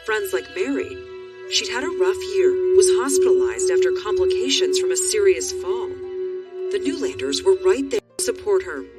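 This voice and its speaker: A TV correspondent giving scripted documentary narration in a measured, even way and asking interview questions. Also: medium pitch, far from the mic, over loud music.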